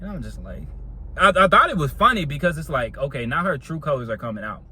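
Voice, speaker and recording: A man's voice: fairly high pitch, big pitch swings, fast, sharp tone, husky. A young man telling a casual storytime monologue in a slangy, laid-back way, laughing often.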